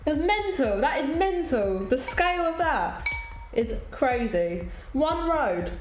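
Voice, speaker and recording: A woman's voice: high voice, slow. Chatty British woman, echoey kitchen. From United Kingdom. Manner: chatty and animated, laughs often, talks while eating. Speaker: cooking streamer. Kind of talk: casual live-stream chat, reading viewer comments. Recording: echoey room with faint music behind.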